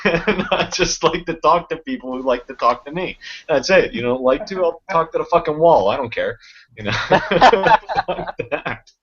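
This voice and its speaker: A man's voice: fairly high pitch, fairly bright tone. A man, chatting casually with friends on camera, swearing a lot, rambling and laughing often. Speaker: channel host. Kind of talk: casual chat among friends. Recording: dull lo-fi recording with faint noise.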